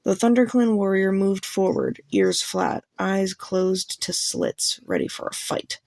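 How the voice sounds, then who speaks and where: A woman reading a novel aloud as a fan audiobook, narrating in an even, plain storytelling manner. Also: medium pitch, measured pace, dry recording.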